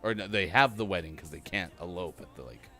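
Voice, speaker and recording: Male morning host, low and lively, faint music under him. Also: fairly quick. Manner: chatty, laughs at his own jokes. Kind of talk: casual live-stream chat.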